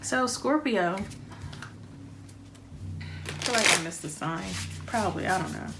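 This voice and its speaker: A woman giving a casual tarot reading, rambling and thinking aloud with frequent pauses and ums. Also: mid-range voice, lively intonation, very noisy. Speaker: tarot reader.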